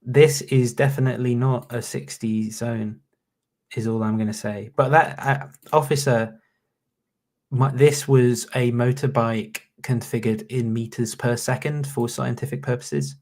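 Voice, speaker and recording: A man's voice: mid-range voice, fairly even intonation, a little slow, a little mellow. A man in his late twenties with a Northern English accent, rambling and swearing through casual reaction commentary. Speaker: YouTuber.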